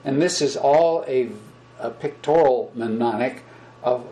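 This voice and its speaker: A man giving an informal spiritual lecture to a small group, speaking gently and repeating words, growing animated when he acts out examples. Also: medium pitch, measured pace, a little hiss or hum, low-quality recording. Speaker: spiritual teacher.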